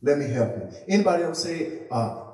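A man preaching a sermon as pastor, joking playfully with the congregation and building up to a shout. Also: on the high side, animated, quick pace. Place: church sanctuary. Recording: echoey church from a distant mic.

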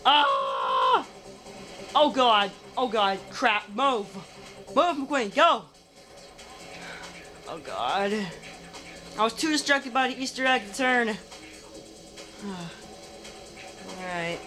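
A young adult playing a racing game and commenting in an excitable, exclaiming way. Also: mid-range voice, slow, long pauses, soft background music. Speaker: game player. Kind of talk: let's play commentary.

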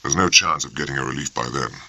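A man reading the lines of a calm, reserved naval captain with measured, businesslike delivery. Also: a bass voice, vocal fry, full character voice.

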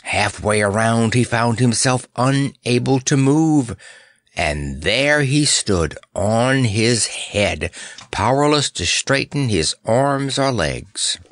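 A man reads a storybook aloud with an animated, rising-and-falling delivery. His pace is slow and deliberate. The recording is close and dry. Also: medium pitch, no room sound. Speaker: audiobook narrator. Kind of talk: storybook narration.

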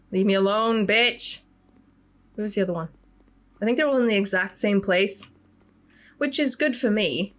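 A woman's voice: mid-range voice, wildly swooping pitch, a little slow, long pauses. A young woman commenting on a horror game. She gets jumpy, swears, laughs nervously and shrieks when chased. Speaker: gaming YouTuber.

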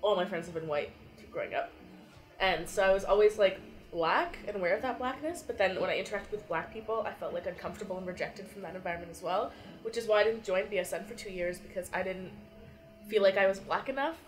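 A young woman student speaking candidly and reflectively in an interview, soft-spoken. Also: mid-range voice, fast, faint music behind. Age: young adult. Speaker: student group member.

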